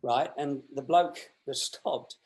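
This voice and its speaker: A man's voice: medium pitch, slow, poor audio. A man in his sixties with an Australian accent, telling a long story in a casual interview and acting out the people in it. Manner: animated, acts out the voices in his tales. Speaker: interview guest. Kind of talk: anecdotal storytelling in casual chat.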